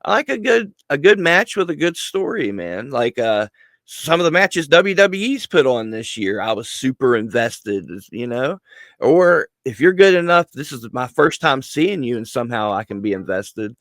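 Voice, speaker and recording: A man chatting as a podcast guest, launching into animated stories with plenty of cursing and laughter worked into his sentences. His voice sits mid-range and sounds dry, with no room echo. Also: medium pitch, normal speed. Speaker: guest, wrestling personality. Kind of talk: casual podcast chat.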